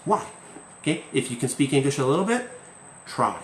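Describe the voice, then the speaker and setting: A man's voice: mid-range voice, big pitch swings, fast talker, a little hiss or hum. A man hosting a live-stream chat as an English teacher, talking emphatically and tagging points with "okay?". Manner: emphatic, keeps asking "okay?". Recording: roomy echo, faint ambience.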